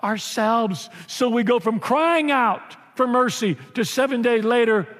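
The pastor preaches unhurriedly yet with animated, humorous energy, occasionally putting on little acted voices. For a man his pitch is fairly high, and the church hall lends a long, trailing reverb.

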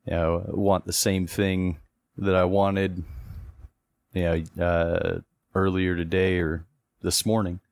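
A man's voice: deep voice, level tone, slow, darkish tone, no echo. A man playing in a tabletop game, thinking aloud hesitantly with many restarts. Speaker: player.

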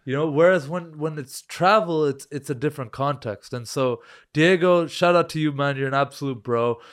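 Lively Canadian podcast co-host. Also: male voice, on the high side, normal speed. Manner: animated, laughs often, fills with "like". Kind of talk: casual chat.

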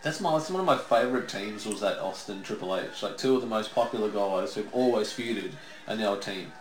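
An Australian man co-hosting a casual wrestling watch-along, reacting in an animated, excitable way. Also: on the low side, brisk, roomy sound, rough recording. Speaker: podcast co-host.

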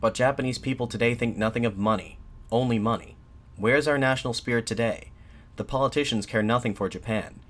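A man voicing a defiant nationalist addressing soldiers from a balcony, in an impassioned, shouted pleading manner. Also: medium pitch, brisk, pitched above the performer's own voice, lightly acted. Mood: fervent, shouting.

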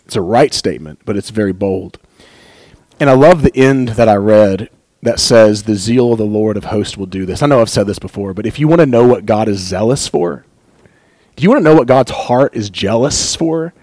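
A man giving an earnest, animated Bible teaching, reading scripture aloud and commenting on it, often with a light chuckle. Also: on the low side, normal speed, no room sound, rough recording.

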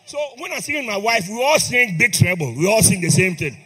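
High, bright-voiced man preaching a sermon. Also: sing-song, a little fast, breathy edge. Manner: impassioned, calls on the congregation to respond. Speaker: priest. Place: church. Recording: long hall reverb with faint music.

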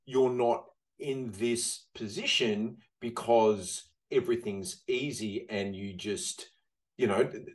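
A man's voice: mid-range voice, slow pace, rough recording. A man hosting a casual interview, rambling along with plenty of fillers. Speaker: host, property investment advisor.

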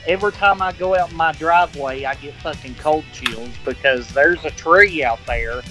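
A man with a high voice grumbles and curses through his stories on a podcast, often stumbling over his first words. Faint music plays in the background. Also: moderate pace, sharp tone. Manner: grumbling, swears, stammers at starts. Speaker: podcast co-host. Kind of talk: casual chat.

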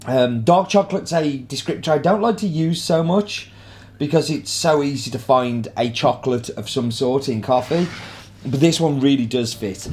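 A man's voice: mid-range voice, normal speed, darkish tone. A man hosting a casual coffee tasting vlog, talking enthusiastically with plenty of fillers. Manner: enthusiastic, chatty, filler-heavy. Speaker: coffee roaster host.

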